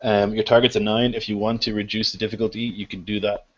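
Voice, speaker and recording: A man running a tabletop game as game master, explaining rules in a relaxed, laughing way. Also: fairly low pitch, fast talker. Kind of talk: narrating a tabletop game over an online call. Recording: dull lo-fi call audio.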